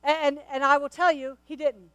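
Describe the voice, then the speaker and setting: Earnest high-voiced woman pastor preaching. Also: flat delivery, moderate pace, fairly bright tone, no echo, lo-fi sound. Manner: earnest and conversational, often repeating and restarting words; speaks to the congregation directly. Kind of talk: sermon with a personal story.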